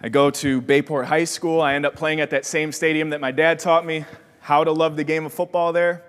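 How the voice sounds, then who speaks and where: A man's voice: on the high side, brisk, clear, resonant tone. Young man telling a motivational story. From Wisconsin, USA. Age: young adult. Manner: energetic storyteller who acts out quoted voices. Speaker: keynote speaker. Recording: long hall reverb.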